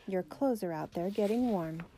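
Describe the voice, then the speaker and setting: A woman voicing a firm, practical mother in a storybook reading, brisk and commanding. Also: medium pitch, warm tone, slight background noise, lightly acted.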